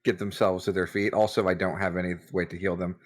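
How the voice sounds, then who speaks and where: A man's voice: sits low, level tone, fast talker. A man playing in a casual tabletop game, who speaks hesitantly with many fillers and jokes around. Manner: hesitant, joking, full of fillers. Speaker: player. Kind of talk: casual tabletop role-play.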